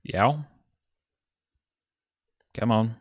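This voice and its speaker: A man from Alabama, USA, speaks with a Southern accent in a lowish, slightly rough voice, extremely slowly. He gives rambling, casual play-by-play on a streamed game, chatting with his chat and often correcting himself. The audio is dull, with no echo.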